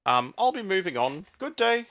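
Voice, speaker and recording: A man's voice: high voice, sing-song, moderate pace, a bit bright, muffled recording, pitched above the performer's own voice. A man voicing an overly polite male robot butler with a fussy, formal manner. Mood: reassuring.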